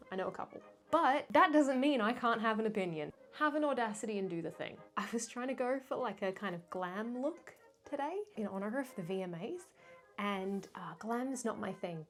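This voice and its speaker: A young woman vlogger chatting casually, playful and self-mocking, with animated asides. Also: medium pitch. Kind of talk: casual chatty fashion ranking.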